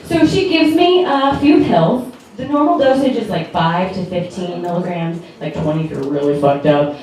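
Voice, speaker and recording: A woman's voice: lowish voice, normal speed. Give me a chatty young woman doing stand-up, heard from a distant mic in a roomy club. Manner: chatty, rambling, full of fillers and giggles. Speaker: stand-up comedian. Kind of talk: stand-up comedy set. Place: comedy club stage. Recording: echoey club, distant mic, loud noise.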